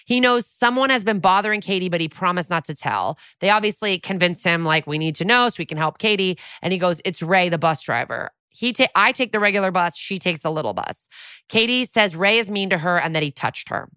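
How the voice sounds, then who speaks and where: A woman's voice: on the low side, expressive, a little fast, pushed and bright, clear, resonant tone, no room sound, clean studio sound. A woman co-hosting a podcast, chatting casually through an episode recap with plenty of fillers and casual swearing. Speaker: podcast co-host.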